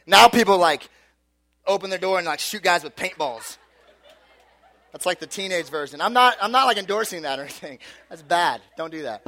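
Animated, high-voiced youth pastor. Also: male voice, a little fast, creaky, no echo. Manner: animated, casual, full of "like" and "dude". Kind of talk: youth sermon with storytelling. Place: room with a live youth audience.

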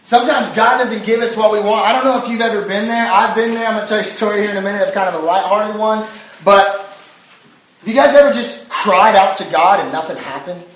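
Young man, casual youth sermon, high voice, far from mic, booming echo. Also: quick pace. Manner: animated storytelling with filler words. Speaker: youth pastor. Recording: echoey hall, voice from a distance.

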